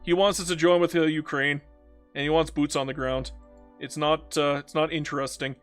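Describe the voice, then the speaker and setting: Man from Canada, fairly high voice, blunt and rambling, casual streaming chat over faint music. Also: normal speed. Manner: blunt, rambling, swings from animated to subdued. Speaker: strategy game streamer. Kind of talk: casual live-stream chat reading viewer comments.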